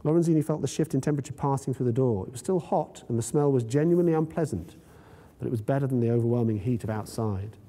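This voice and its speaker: A man, the author, reading his short story aloud at a university in a measured, vivid way. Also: mid-range voice, mellow. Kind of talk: literary reading. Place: university lecture room. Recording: long reverb in a lecture hall.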